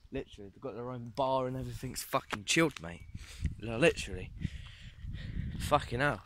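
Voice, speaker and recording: A man's voice: medium pitch, a bit bright, slight background noise. A young man rambling casually outdoors, swearing constantly and saying "mate" and "literally" a lot as he records himself on a phone. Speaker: vlogger. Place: outdoors in woods and fields.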